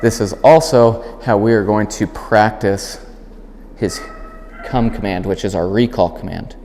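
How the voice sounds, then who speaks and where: A man with a lowish voice explains dog training calmly, step by step. He gives his commands firmly and clearly. His voice rings with the long reverb of a big indoor hall. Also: measured pace, slight background noise. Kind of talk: instructional demonstration.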